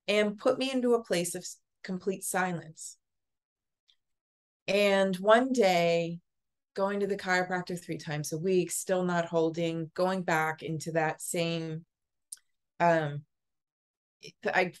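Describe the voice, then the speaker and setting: A woman telling a personal story as an interview guest, earnest and halting, often repeating words. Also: on the low side. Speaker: podcast guest, psychic Reiki master.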